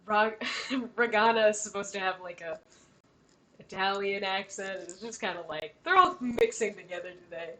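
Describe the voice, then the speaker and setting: Young woman, game master, giggly and chatty, mid-pitch. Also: normal speed, sharp tone. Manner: giggly, chatty, breaks into laughter. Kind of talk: narrating a tabletop game.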